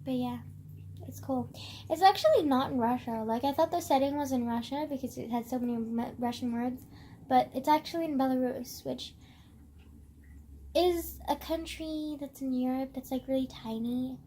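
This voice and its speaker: A young woman talks through a book review in a high-pitched voice. Her casual, rambling chat is packed with "like" and frequent swearing. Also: normal speed, warm tone, slight background noise. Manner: rambling, heavy filler "like", swears often.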